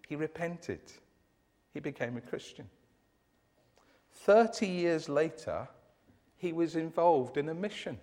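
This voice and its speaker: A male preacher tells a story with dramatic flair, his pitch rising and falling in lively swings. His voice sits a little high for a man and carries the long reverb of a large hall. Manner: dramatic storyteller, reading quoted testimony aloud. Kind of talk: sermon storytelling.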